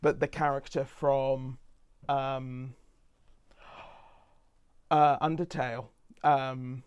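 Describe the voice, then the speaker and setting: A man's voice: medium pitch, little pitch movement, very slow, smooth, no room sound, muffled recording. Teasing man, dry close sound. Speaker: stream co-host. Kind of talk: casual chat.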